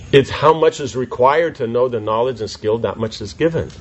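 A man teaching a class in an informal question-and-answer session, animated and full of rhetorical questions. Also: medium pitch, normal speed, dull audio.

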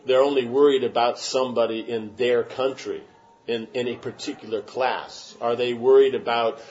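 A man's voice: medium pitch, steady tone, moderate pace, darkish tone, dull audio, a little hiss or hum. A man teaching a class and answering questions, talking in an emphatic, rambling way with many restarts. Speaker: spiritual teacher.

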